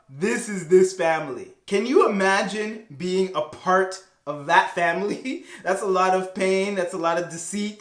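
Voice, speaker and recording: High-voiced, slangy youth pastor. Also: male voice. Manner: animated, slangy storytelling. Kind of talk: casual Bible lesson. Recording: echoey room.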